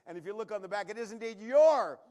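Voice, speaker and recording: A man with a notably high voice works a comedy showroom as a magician. He jokes his way through tricks and throws quick asides to the audience in a live stand-up manner. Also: fairly even intonation. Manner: joking, quick asides to the crowd.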